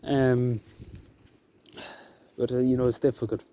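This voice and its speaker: A man talking to camera outdoors in the countryside, halting and emotional, with many fillers and restarts. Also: medium pitch, little pitch movement, highs cut off. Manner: soft-spoken and emotional. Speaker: vlogger. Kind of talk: emotional outdoor vlog talk. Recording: outdoor noise in the background.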